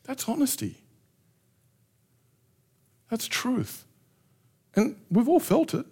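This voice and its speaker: A middle-aged pastor preaching a sermon with passion, acting out heartfelt prayers in changing voices. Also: male voice, very high-pitched, very animated, slow pace, dark tone, husky. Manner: impassioned, acts out prayers in shifting voices.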